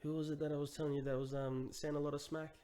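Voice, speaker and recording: A man co-hosting a casual sports podcast, animated and quick to laugh. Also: on the high side. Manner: animated, laughs often, says "mate". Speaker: podcast co-host.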